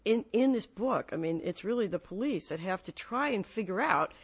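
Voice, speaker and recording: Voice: mid-range voice, expressive, normal speed, breathy edge. An interviewer asking thoughtful questions with some hesitations and restarts. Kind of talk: radio interview.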